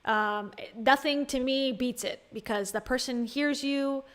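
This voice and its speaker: A woman's voice: high-pitched, a little slow, fairly bright tone. A woman giving casual livestream commentary on a podcast, chatty and exasperated, reading viewer comments aloud.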